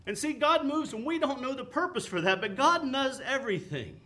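A man's voice: very high voice, expressive, normal speed, sharp tone. A man preaching a sermon with an impassioned, rising and falling cadence, quoting scripture.

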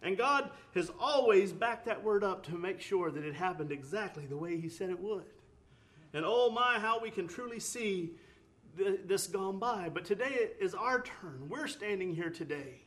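A man's voice: high-pitched, expressive, moderate pace, fairly bright tone. A man preaching a sermon, earnest, with rising emphatic bursts, often repeating words and restarting phrases.

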